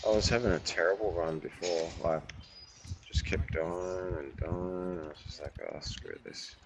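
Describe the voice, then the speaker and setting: A young man with a low voice, teasing his mate while they play. His talk is casual and easygoing, with a faint bed of noise behind. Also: steady tone, moderate pace. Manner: teasing, calls people mate. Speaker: gaming friend. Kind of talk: casual gaming chat.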